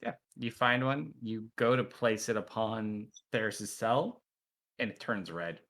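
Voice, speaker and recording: A man running a tabletop game as dungeon master, describing scenes in a loose, relaxed way. His voice is bright and a little low. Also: unhurried.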